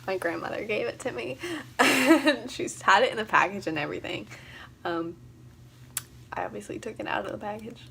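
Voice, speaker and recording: A woman's voice: medium pitch, moderate pace, vocal fry, sharp tone, slight background noise. A young woman chatting casually on a livestream, rambling with lots of fillers and frequent giggles. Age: young adult. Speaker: vlogger.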